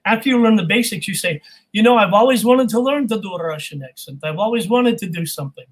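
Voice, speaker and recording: A man who coaches voice work, chatting as a guest on a video call, animated and quick to laugh. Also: high voice, poor audio. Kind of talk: casual video call chat.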